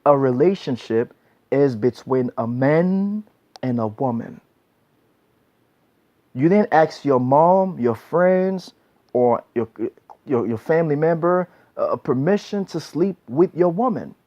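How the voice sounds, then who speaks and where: Speaking slowly in a warm, fairly high voice with lively intonation, a man offers blunt relationship advice in a casual monologue. He's preachy, repeats points, and often says "man," on a dull lo-fi recording.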